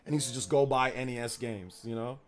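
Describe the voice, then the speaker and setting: This thirties-aged male streamer reads his chat aloud in a medium-pitched voice, talking fast. His manner with the live audience is casual and slangy, wandering and repetitive.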